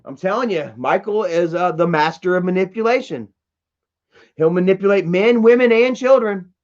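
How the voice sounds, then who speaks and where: A man's voice: high-pitched, normal speed, lo-fi sound. A man livestreaming from home, reading chat messages aloud and ranting in a heated, profane way. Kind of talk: casual livestream rant.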